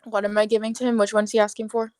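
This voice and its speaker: A woman's voice: medium pitch, flat delivery, rapid-fire, a little mellow. A woman playing a tabletop game in casual chat, blunt, swearing and trailing off. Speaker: player.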